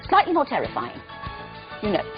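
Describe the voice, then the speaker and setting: An actress guesting on a chat show, telling stories in an animated, self-deprecating way. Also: female voice, mid-range voice, fairly quick, music in the background. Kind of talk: casual chat show interview. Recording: muffled TV broadcast audio.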